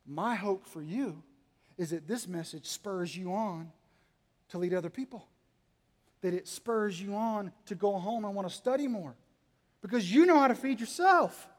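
Male pastor, high voice, dynamic sermon delivery with humor, hall reverb. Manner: dynamic, swinging between quiet asides and loud emphatic lines; humorous, teasing the congregation. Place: church hall.

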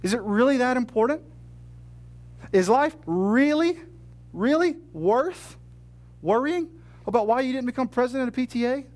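Man preaching, high voice, conversational, humorous rhetorical questions. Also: animated, moderate pace, long pauses, a little mellow. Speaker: pastor. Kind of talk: sermon.

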